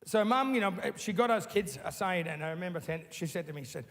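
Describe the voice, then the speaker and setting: Man, high-pitched voice, animated blunt storytelling, casual interview talk. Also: fast, hardly any pauses. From Australia. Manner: animated, blunt, swears freely.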